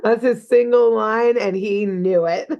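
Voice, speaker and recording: A woman's voice: on the high side, fairly even intonation, unhurried, highs cut off. A young woman co-hosting a podcast, reacting with short quips and laughter. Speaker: podcast co-host. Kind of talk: casual chat.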